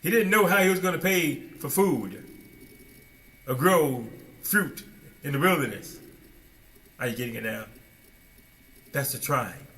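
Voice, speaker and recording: Bright-voiced man preaching with dramatic swings. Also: expressive, a little slow, long pauses. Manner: dramatic, swings between loud bursts and low asides, repeated rhetorical questions. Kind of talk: sermon.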